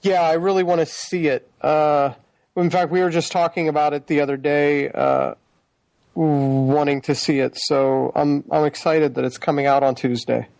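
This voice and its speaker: A man's voice: fairly high pitch, steady tone, moderate pace, vocal fry, a little mellow, no echo. Wry man reading release list. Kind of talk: casual chat about movie releases.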